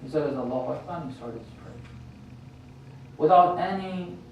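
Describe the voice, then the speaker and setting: A man preaching in a strongly echoing prayer hall, his voice fairly high for a man and a little distant from the microphone, with faint noise underneath. He talks to the congregation in a conversational way and keeps checking in with them through rhetorical questions. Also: normal speed, gravelly, pauses often. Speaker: sheikh giving a religious lecture. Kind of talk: sermon.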